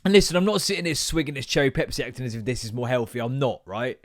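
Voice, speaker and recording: A man's voice: mid-range voice, fast talker, heavy background noise. A young man hosting a podcast, ranting in a sweary, sarcastic, exasperated way. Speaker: podcast host. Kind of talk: comedic solo rant.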